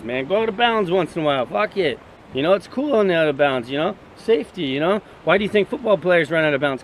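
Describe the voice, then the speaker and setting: Guy rambling a dirty story, swears a lot, kinda high voice, faint outdoor hum behind. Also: fairly bright tone. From Canada. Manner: crude, rambling, heavy swearing. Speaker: vlogger. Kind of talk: casual storytelling. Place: outdoors by the sea.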